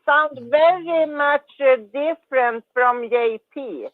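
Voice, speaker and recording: Woman caller, slow, hesitant, high, dry phone sound. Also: no echo. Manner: hesitant, searching for words. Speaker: caller in group chat. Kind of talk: casual chat. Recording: tinny dry phone line.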